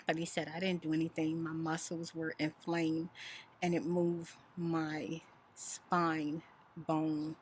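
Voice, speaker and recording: A woman telling a story in a soft-spoken, chatty, animated way. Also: low voice, slow, a little hiss or hum. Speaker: ASMR vlogger. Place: home in Houston.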